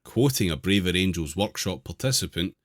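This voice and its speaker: A man co-hosting a podcast, reading an article aloud in a dry, deadpan way between casual asides. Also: low voice, fairly quick, no room sound.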